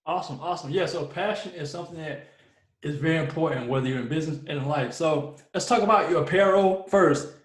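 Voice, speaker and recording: A man's voice: a little high, quick pace. A man hosting a podcast, friendly and welcoming as he asks his guest questions. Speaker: podcast host. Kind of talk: interview hosting. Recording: echoey room.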